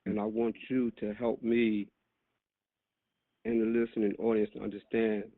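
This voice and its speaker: Deliberate man on a tinny phone line. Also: lowish voice, little pitch movement, dry recording. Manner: deliberate, pressing questions. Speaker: podcast host. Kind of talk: call-in podcast discussion.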